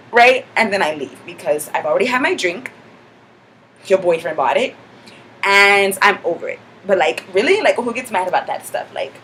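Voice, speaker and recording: A sassy, self-assured young clubgoer, as a woman plays her, chattering in a mock-indignant tone with "like" dropped into every sentence. Her voice sits at an ordinary middle pitch, with faint noise behind it. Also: fairly bright tone, close to an everyday voice. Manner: chatty, filler-heavy with constant "like". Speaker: comedic character monologue. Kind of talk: character comedy vlog.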